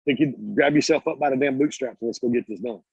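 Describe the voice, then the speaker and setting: Husky-voiced motivational speaker man, lo-fi call. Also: medium pitch, fast talker, dry recording. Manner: energetic, preachy storyteller, casual and blunt. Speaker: guest speaker, business coach. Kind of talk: motivational talk on a video call. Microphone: video call. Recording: dull lo-fi call audio.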